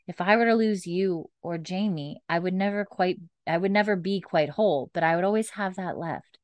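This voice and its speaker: A woman's voice: fairly low pitch, normal speed, no room sound. A woman co-hosting a casual podcast, retelling TV scenes line by line with fillers. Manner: recounts dialogue in a flat retelling voice, casual fillers. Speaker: podcast co-host recapping a TV episode.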